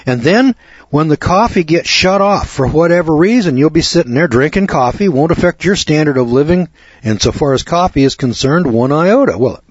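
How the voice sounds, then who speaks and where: A man's voice: fairly high pitch, lively intonation, fairly quick, husky, dry recording. A man hosting a radio talk show, delivering a rambling, preachy monologue that builds to emphatic lecturing. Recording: dull lo-fi dry radio audio.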